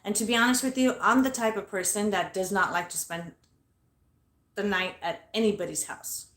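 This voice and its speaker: A woman's voice: mid-range voice, fairly even intonation, normal speed, fairly bright tone, reverberant. A woman telling a ghost story from her bedroom at home in a casual, blunt way, swearing constantly. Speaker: paranormal investigator vlogger.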